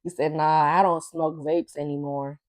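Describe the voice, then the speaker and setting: Young female vlogger, casual storytime, sassy and profane delivery, lowish pitch. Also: level tone, normal speed.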